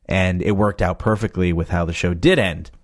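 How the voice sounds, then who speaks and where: Low-voiced man chatting casually. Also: steady tone, moderate pace. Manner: rambling, loose and chatty, full of fillers like "you know". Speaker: podcast creator. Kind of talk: casual chat.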